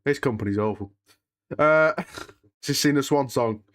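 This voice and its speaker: A man's voice: medium pitch, a little slow. A young man talks casually to his stream viewers in an ordinary mid-range voice. He is restless and emotional, sighing and muttering oaths between his thoughts. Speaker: streamer hosting a live watch-along. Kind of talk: casual live-stream chat, reading and answering chat.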